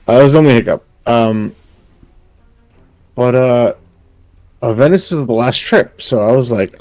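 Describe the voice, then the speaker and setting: A man's voice: medium pitch, lively intonation, moderate pace, long pauses, a little mellow, dry recording, low-quality recording. A young man chatting casually on a livestream, telling a rambling family story full of fillers and laughter.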